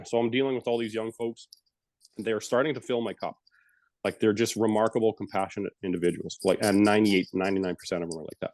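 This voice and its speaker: A middle-aged man leads a calm breathing exercise, then tells his story frankly and casually, sometimes swearing. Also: on the low side, a little fast, no room sound. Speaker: retired police officer and yoga teacher, guest speaker. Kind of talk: guided breathing, then candid personal story.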